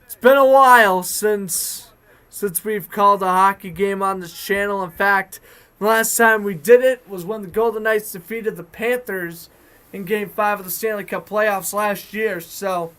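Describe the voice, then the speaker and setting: Excited high-voiced man with a Boston accent. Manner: excited, chatty, self-correcting. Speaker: sports commentator. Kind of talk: fan play-by-play commentary.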